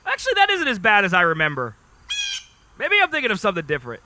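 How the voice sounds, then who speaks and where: A young man streaming live, chatting casually and gushing excitedly with frequent laughs. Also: sits high, fast talker, noisy background. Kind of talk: casual livestream chat.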